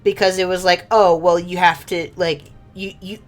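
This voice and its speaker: A woman's voice: fairly low pitch, little pitch movement, normal speed, soft background music. A woman streamer chatting casually over gameplay, rambling with many filler words and frequent laughs.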